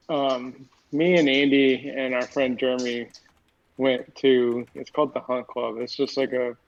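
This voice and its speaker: A young man co-hosting a podcast, telling crude, laid-back stories in casual chat. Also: mid-range voice. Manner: profane, laid-back storyteller. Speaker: podcast co-host. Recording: dull lo-fi mic.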